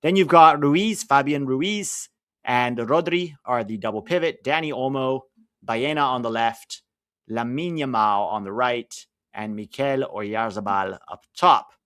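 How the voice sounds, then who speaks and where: A man's voice: mid-range voice, unhurried, fairly bright tone, dry recording, studio quality. A man with an American accent hosting a casual live watch-along, chatting with viewers and reading out team lineups and chat messages. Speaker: live stream host.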